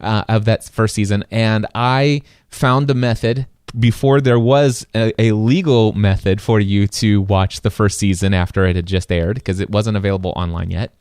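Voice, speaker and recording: A man hosting a podcast, telling a story in an animated, excitable way with many restarts. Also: lowish voice, normal speed, few pauses, clear, resonant tone, no echo, studio quality. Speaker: podcast host. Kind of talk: casual storytelling chat.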